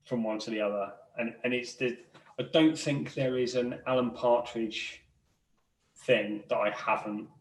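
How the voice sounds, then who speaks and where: A man's voice: medium pitch, fairly even intonation, unhurried, a little hiss or hum. A man co-hosts a casual podcast, talking enthusiastically and often doubling his words as he starts. He sits a little back from the mic, and the room rings around him. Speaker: podcast co-host. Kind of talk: casual chat. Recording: roomy and distant from the mic.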